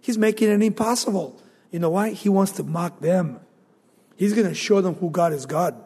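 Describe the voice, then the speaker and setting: Man, pastor, very high voice, animated sermon storytelling, echoing big hall. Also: moderate pace, breathy edge. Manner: animated storyteller, acts out the quotes. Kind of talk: sermon, Bible teaching.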